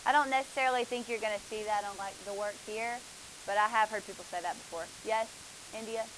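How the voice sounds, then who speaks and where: A woman's voice: mid-range voice, fairly even intonation, fast talker, noisy background. A woman, teaching a math class, asking students questions and praising their answers.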